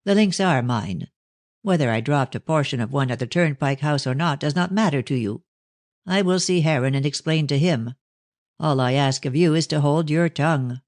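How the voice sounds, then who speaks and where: A man reading an audiobook, voicing a stern, cold older gentleman speaking to his daughter. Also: a little high, moderate pace, no echo, close to an everyday voice.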